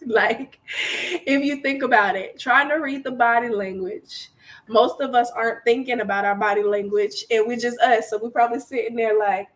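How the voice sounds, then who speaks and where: A woman's voice: a little high, fairly even intonation, moderate pace. A young woman hosting a live online workshop, chatty and playful, who laughs often and acts out quoted lines in little voices. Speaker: workshop host.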